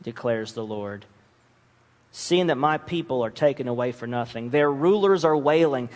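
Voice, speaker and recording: A man's voice: medium pitch, moderate pace, big-room sound. A man preaching a sermon and acting out the voices of the scriptures he reads. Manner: animated, acts out voices of mocking nations and God.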